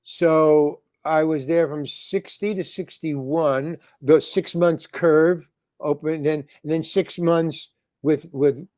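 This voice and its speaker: A man's voice: on the high side, steady tone, takes it slowly, darkish tone, dry recording, studio quality. An older man, a comedian and actor, telling rambling stories with many restarts and acting out the lines he quotes. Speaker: comedian and actor, interview guest. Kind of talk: rambling storytelling in conversation.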